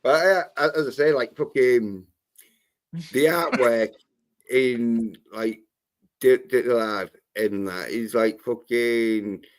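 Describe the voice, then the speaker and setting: A man hosting a casual livestream panel chat, talking bluntly and mockingly and swearing constantly. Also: medium pitch. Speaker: livestream host.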